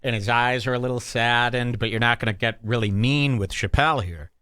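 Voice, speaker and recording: A man's voice: mid-range voice, brisk, clean tone, no echo, clean studio sound. A man hosting a podcast, reacting to clips with casual, mocking commentary. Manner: animated, mocking, jumps between loud and quiet.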